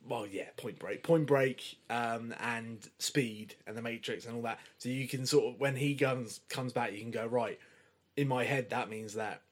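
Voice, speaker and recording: A man's voice: mid-range voice, normal speed, few pauses. A man, co-hosting a podcast and talking through a film in an enthusiastic, chatty way with casual swearing. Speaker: podcast co-host.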